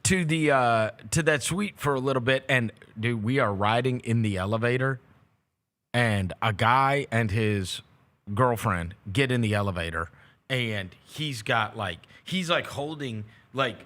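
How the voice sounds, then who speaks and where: A man hosting a sports talk show, telling a story with lively, animated delivery and acting out the people in it. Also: medium pitch, a little slow. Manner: animated, acts out voices in his stories. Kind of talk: casual storytelling chat.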